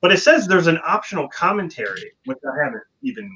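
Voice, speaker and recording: A man's voice: a little high, quick pace. A man co-hosting a casual movie podcast, telling behind-the-scenes stories and acting out the quotes. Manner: animated storyteller, acts out quotes. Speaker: podcast co-host. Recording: dull lo-fi sound.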